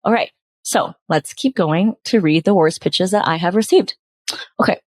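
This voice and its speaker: A woman's voice: fairly low pitch, normal speed, no room sound. Sarcastic woman podcast host, dry close sound. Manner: exasperated, sarcastic, animated. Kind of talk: reading and critiquing pitches to camera.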